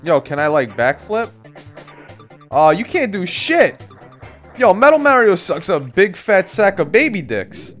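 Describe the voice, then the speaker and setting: Excitable swearing man streaming a game. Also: high-pitched, a little slow, lo-fi sound, soft background music. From Florida. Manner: casual, swearing, excitable outbursts. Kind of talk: live game commentary chatting with viewers.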